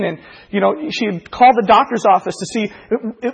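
A man's voice: high voice, expressive, brisk, gravelly, breathy edge. A man preaching a sermon and telling a personal story earnestly, his voice swelling with emotion. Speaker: pastor. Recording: dull recording in a reverberant hall.

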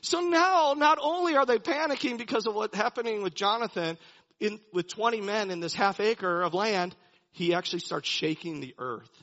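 A man's voice: sits high, moderate pace, a bit bright. A man preaching a sermon, animatedly retelling a Bible story and chuckling as he goes. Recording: dull lo-fi recording.

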